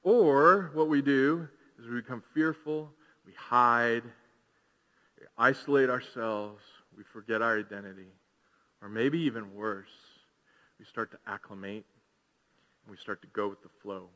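A man's voice: mid-range voice, a little slow, a bit bright. A man preaching a sermon, conversational and full of rhetorical questions. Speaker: pastor. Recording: long hall reverb.

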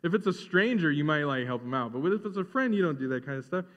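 A male pastor preaching a sermon in a lively, joking way, asking the crowd to repeat words after him. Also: fairly high pitch, quick pace. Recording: dull sound in a reverberant hall.

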